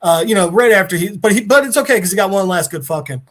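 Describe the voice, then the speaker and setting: A fast-talking podcast host with a high voice animatedly recounts a comic story in casual conversation. Along the way, he acts out what each character says.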